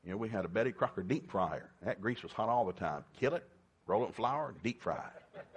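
An older man with a slightly low voice preaches in a folksy, storytelling way. He keeps the sermon lively, breaking into sudden emphatic bursts as he drives home his points. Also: a little fast, husky.

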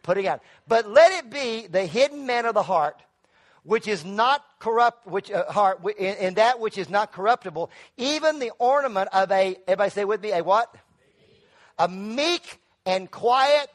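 A middle-aged male pastor preaching a sermon in church, calling on the congregation to answer back and building to loud emphatic peaks. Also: high-pitched, expressive, brisk. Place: church sanctuary.

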